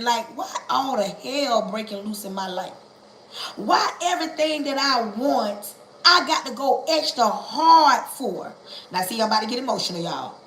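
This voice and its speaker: A woman preaching a livestream sermon, calling on listeners to say ouch, with a church cadence that stretches words and builds to shouting. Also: high-pitched, creaky, reverberant, poor audio.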